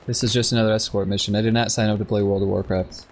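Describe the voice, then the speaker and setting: A man's voice: fairly low pitch, flat delivery, rapid-fire, background noise. A man bantering and complaining playfully during a casual let's play. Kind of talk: casual gaming commentary.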